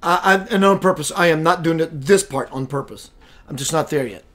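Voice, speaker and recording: A man's voice: a little high, brisk, a bit bright. A man hosting a spiritual web radio show, chatting casually and playfully, greeting viewers by name and laughing often. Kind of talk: casual livestream chat.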